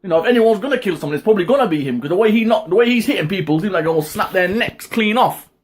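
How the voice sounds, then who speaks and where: A man's voice: expressive, rapid-fire. Fired-up man ranting about boxing. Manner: heated, swearing, rising to high-pitched outbursts. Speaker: boxing commentary vlogger. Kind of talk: casual opinion rant.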